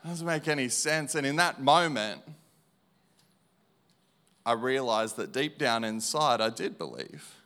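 A man preaching in a voice of medium pitch. He repeats his lines slowly and with emphasis, dropping to a hush and then rising loud, as he gives his testimony in a sermon. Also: lively intonation. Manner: slow, emphatic repetition, swinging between hushed and loud.

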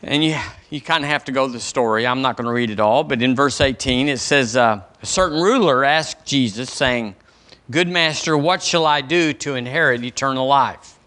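A man's voice: medium pitch, moderate pace, a bit bright. A man preaching a sermon as pastor of a church, in a folksy, conversational way, acting out questions people ask the Lord. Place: church sanctuary.

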